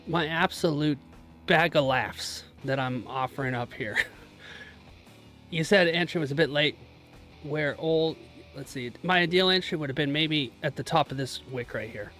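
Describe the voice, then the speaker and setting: A man's voice: on the high side, fairly bright tone. A man live-streaming his day trading from a small closet, chatting casually and joking with viewers, laughing often.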